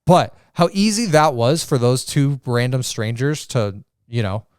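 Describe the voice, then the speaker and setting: A young man co-hosting a podcast, telling a crude childhood story in casual chat, animated and swearing freely. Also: mid-range voice, a little slow, clean tone, dry recording, studio quality. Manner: storytelling, profane and animated, acts out quoted voices. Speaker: podcast co-host.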